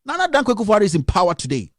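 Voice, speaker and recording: A man's voice: high voice, huge pitch swings, racing, no room sound, studio quality. A young Ghanaian man with a Ghanaian accent, delivering an impassioned political rant on a live stream and firing off scolding rhetorical questions. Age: young adult. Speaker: radio commentator.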